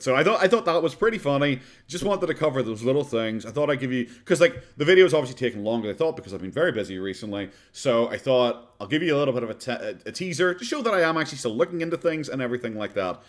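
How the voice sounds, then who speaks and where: A man with an Irish accent giving casual, mocking commentary while watching a podcast, often laughing and rambling. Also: medium pitch.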